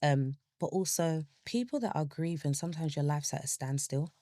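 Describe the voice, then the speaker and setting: A woman's voice: deep voice, expressive, normal speed, warm tone, dry recording, clean studio sound. A young woman, telling her own story as a podcast guest and acting out her past thoughts in quoted asides. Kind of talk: candid personal storytelling.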